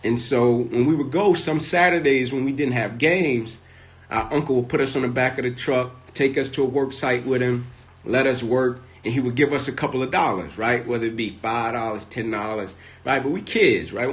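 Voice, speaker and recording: A man's voice: medium pitch, moderate pace. Man telling stories, "right?" after every line. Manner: tags nearly every sentence with "right?"; vivid storyteller, builds in intensity. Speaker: motivational speaker. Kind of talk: storytelling talk on a live stream. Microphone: phone.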